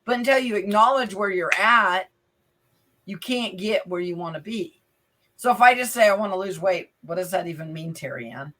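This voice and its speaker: A woman in her fifties co-hosting a casual chat, playful and teasing, with quick asides. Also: medium pitch, expressive, bright, forceful tone. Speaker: podcast co-host and life coach.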